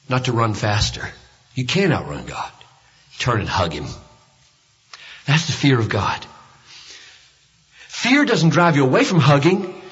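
An older man preaching a sermon at a rally, telling stories with loud emphasis and hushed asides. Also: mid-range voice, husky. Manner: animated storytelling, swings between loud emphasis and hushed asides. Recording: dull reverberant hall recording.

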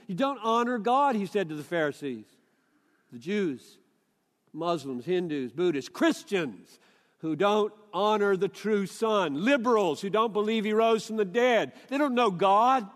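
An older man preaching a sermon, emphatic and deliberate, quoting scripture at length. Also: high-pitched, expressive, long reverb tail.

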